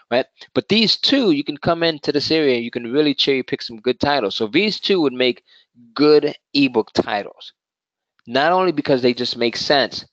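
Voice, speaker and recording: A man's voice: fairly low pitch, a bit bright, no echo, lo-fi sound. A man teaching a live webinar with energy, often asking "right?" and reading out attendee names. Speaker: webinar presenter.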